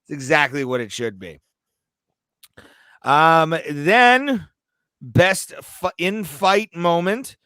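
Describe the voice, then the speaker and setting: A man's voice: fairly high pitch, animated, slow pace, long pauses, pushed and bright, smooth, dry recording, clean studio sound. A man co-hosting a podcast, chatting casually and profanely and laughing often. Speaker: podcast co-host. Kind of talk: casual chat.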